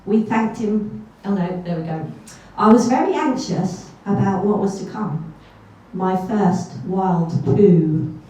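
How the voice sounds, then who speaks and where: Woman telling a funny story on stage, mellow voice, big echoey hall, mic far off. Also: mid-range voice, expressive, takes it slowly. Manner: self-deprecating and chatty, with asides. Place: live event hall.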